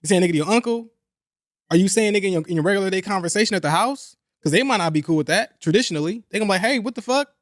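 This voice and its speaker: Young male podcast host, high-pitched, animated and blunt, dry close mic. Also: very fast, dry recording. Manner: animated, profane, repeats himself for emphasis. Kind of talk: casual chat.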